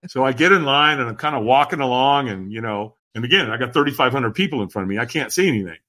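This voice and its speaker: A man, a podcast guest, telling a personal story in animated conversation, emphatic and acting out what others said. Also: medium pitch, quick pace. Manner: acts out quoted voices, emphatic.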